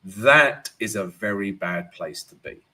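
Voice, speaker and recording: This man's lowish voice sounds pushed and bright, and his pace is a little slow. He runs a live trading lesson full of chart analysis and viewer questions, chatting casually, saying "right?" often, calling viewers guys, and laughing at his own jokes.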